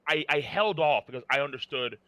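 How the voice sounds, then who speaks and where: A man's voice: on the high side, animated, brisk, bright, forceful tone, no room sound. A man co-hosting a podcast, talking animatedly and profanely with lots of filler words. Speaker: podcast co-host. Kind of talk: casual podcast chat.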